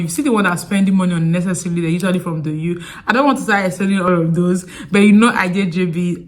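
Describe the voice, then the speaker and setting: A woman with a thick Nigerian accent talks straight to the camera in a sit-down storytime vlog. She is chatty and animated and keeps wandering off into side stories. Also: fairly low pitch. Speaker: vlogger.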